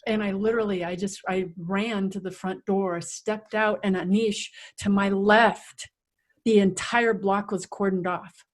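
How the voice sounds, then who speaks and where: A middle-aged woman, a resilience coach, telling a personal story in an interview in a vivid, animated way that acts out the scenes. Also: medium pitch, measured pace.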